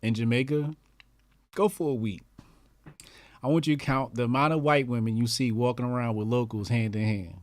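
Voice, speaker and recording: A man co-hosting a casual podcast chat, laid-back with drawn-out emphatic remarks. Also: mid-range voice, fairly even intonation, no room sound. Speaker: podcast co-host.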